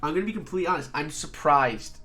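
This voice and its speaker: A man's voice: fairly high pitch, animated, fast talker, sharp tone, faint music behind. Laid-back rambling streamer guy. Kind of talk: casual livestream chat. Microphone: studio condenser mic.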